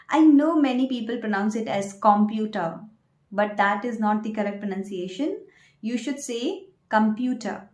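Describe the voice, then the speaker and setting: Woman, higher voice, clear and deliberate pronunciation teacher, echoey room. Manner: clear, deliberate, quizzing the viewer. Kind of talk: online pronunciation lesson.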